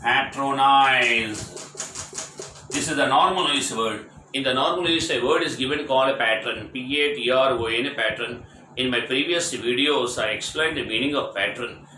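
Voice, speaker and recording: A man teaching English vocabulary, spelling words out letter by letter, explaining each meaning and repeating it, asking if it is clear. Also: medium pitch, brisk, sharp tone. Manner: repetitive, explanatory. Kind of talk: vocabulary lesson. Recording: echoey room with faint ambient noise.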